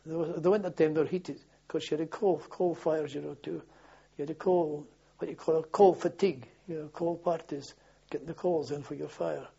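An older man spins a rambling army yarn, doubling back on his words and chuckling. His voice is husky and dark-toned, sitting a little high. The tape sounds muffled and lo-fi. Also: fairly even intonation, a little fast, hardly any pauses. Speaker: interviewee recalling army service. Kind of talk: oral history reminiscence. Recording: dull lo-fi archive tape.

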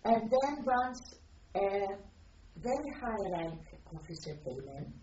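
An older woman from Poland, giving personal testimony in a reflective, halting way as she searches for words. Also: mid-range voice, big pitch swings, warm tone. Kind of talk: personal testimony, recalled aloud. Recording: distant roomy lo-fi recording.

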